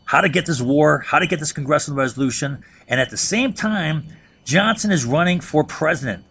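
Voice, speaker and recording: A man's voice: on the high side, lively intonation, a little fast, a bit bright, slight background noise. A man teaching a history lesson in a loose, conversational way. He keeps checking in with a rhetorical "right?" and often restarts or repeats words as he thinks aloud. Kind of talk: conversational lecture.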